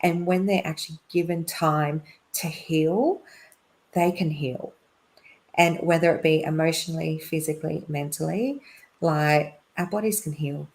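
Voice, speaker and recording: Chatty woman, lowish voice. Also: a little slow, darkish tone. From Australia. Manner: chatty, laughs often, many fillers and restarts. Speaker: podcast guest. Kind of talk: casual personal storytelling.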